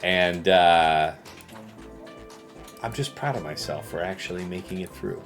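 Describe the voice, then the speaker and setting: A man's voice: deep voice, a little slow. A man casually commentating his game stream, chatting with viewers and joking back at their messages, with faint music behind him. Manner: chatty, joking replies to chat.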